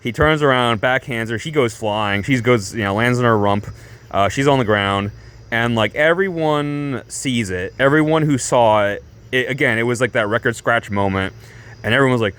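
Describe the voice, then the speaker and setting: A man's voice: medium pitch, brisk, smooth. Rambling man telling a story. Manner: rambling, heavy on fillers and restarts; animated, breaks into laughs. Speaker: vlogger.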